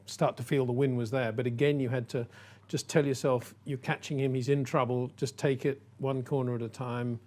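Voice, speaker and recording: A man's voice: medium pitch, flat delivery, normal speed, few pauses, a little mellow. A man presenting the show, narrating history and chatting admiringly with his guest.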